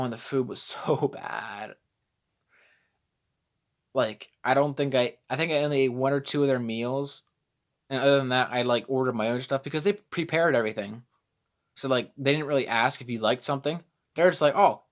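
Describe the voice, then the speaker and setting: A man's voice: medium pitch, moderate pace, long pauses. A young man vlogging casually, rambling and self-deprecating as he loses his train of thought. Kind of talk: casual vlog storytelling.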